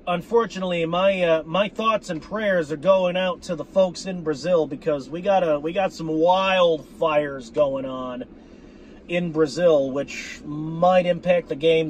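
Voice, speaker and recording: A man with a rather high voice delivers a worked-up fan rant straight to his viewers. He swears freely, circles back over his own phrases and keeps calling his audience "folks". A faint hum of noise sits underneath. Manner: profane, repetitive, addresses viewers as folks. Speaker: sports fan vlogger. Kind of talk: ranting fan commentary.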